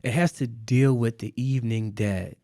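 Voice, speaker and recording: A guest artist tells a personal story in a casual conversation, repeating phrases for emphasis and laughing now and then. His mid-range voice is mellow at a moderate pace, with clean studio sound and no room echo.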